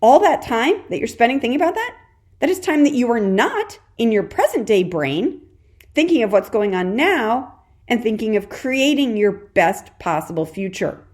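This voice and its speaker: A woman's voice: fairly high pitch, big pitch swings, normal speed. A woman talks straight to her listeners as the host of a solo parenting podcast. Her delivery is chatty and encouraging, loose and conversational, with frequent "okay"s. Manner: warm encouraging, addresses listener as "dear warrior".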